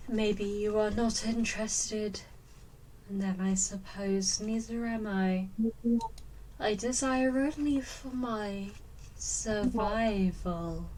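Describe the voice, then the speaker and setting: Lady doing a tired plant thing, soft and slow and flat, just wants to survive. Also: medium pitch, slight background noise, natural voice, low-quality recording. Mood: cold.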